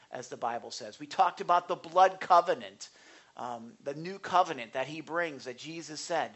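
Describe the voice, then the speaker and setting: A male pastor delivers a sermon with a high-pitched, bright voice. He keeps it conversational, putting questions to his listeners and rising into forceful emphasis. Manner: earnest, conversational preaching with rising bursts of emphasis; asks the congregation questions.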